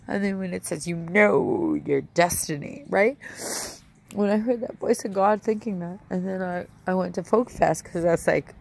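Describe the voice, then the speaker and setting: A woman's voice: medium pitch, moderate pace, vocal fry. Woman rambling through a home vlog, gets emotional, says like and right a lot, bit of noise behind. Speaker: vlogger. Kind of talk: casual vlog, home tour and personal story.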